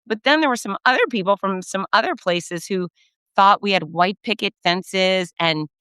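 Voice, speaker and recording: A middle-aged woman from the United States talks through a podcast monologue with real enthusiasm. Her voice is bright and crisply clear, and it is recorded close and dry with no room sound at all. She gushes and leaps upward in pitch whenever something delights her. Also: moderate pace, no echo. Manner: gushing, effusive, jumps up in pitch when excited. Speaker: podcast host. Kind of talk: casual monologue.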